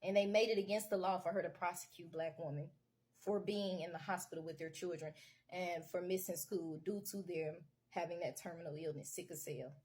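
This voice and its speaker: A woman commentator with a lowish, darkish voice delivers an impassioned political rant to camera, talking a little fast over slight background noise. Her speech is emphatic, repetitive, and casually vernacular with lots of "y'all," as she urges listeners again and again to wake up.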